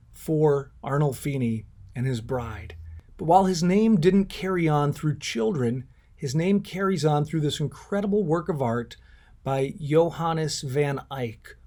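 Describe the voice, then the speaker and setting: Earnest male art lecturer, slightly high. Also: dark tone. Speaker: art instructor. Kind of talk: recorded online lecture.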